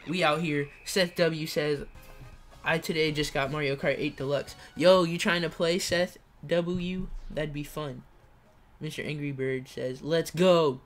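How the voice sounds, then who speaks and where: Young male streamer, fairly high voice, hyped slangy trash talk over faint game music. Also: fairly bright tone. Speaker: gaming streamer. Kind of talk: live gameplay commentary while reading chat.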